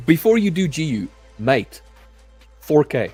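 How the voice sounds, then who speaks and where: A man's voice: fairly high pitch, very animated, unhurried, darkish tone, breathy edge, faint music behind. A man co-hosting a trading stream, bantering in a friendly, easygoing way and calling people mate. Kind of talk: casual live-stream chat.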